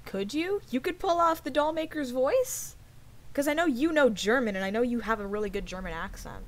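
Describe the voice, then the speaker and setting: A woman's voice: sits high, lively intonation, brisk, rough recording. A young woman chatting casually while she streams a game, swearing often and sometimes dropping to a whisper. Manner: swears a lot, drops to whispers. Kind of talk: casual let's-play chat.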